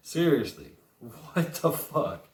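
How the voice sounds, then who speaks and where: A man ranting in a casual monologue, swearing freely, repeating words as he stammers, and adding sarcastic chuckling asides. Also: on the high side. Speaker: vlogger. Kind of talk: profane casual monologue rant. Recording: echoey room.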